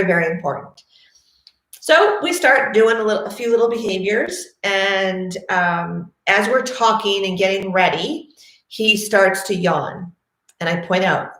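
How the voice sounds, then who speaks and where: An animated woman tells stories in a casual way and acts out the voices of her clients. She sits at a middle pitch for a woman. The room is echoey. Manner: animated, acts out both sides of conversations. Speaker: dog trainer. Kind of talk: casual storytelling to camera.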